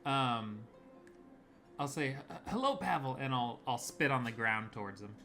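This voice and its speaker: A man playing a tabletop role-playing game, declaring his moves in a halting, repetitive way. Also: medium pitch, bright, forceful tone, faint music behind. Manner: halting, repeats words while declaring actions. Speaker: player.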